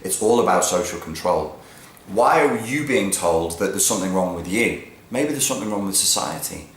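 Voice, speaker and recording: A man's voice: expressive, normal speed. Blunt, profane man ranting. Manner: blunt and profane, swings from low mutters to loud emphatic peaks. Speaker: vlogger giving opinions. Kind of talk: ranting monologue to camera. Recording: roomy echo with faint background noise.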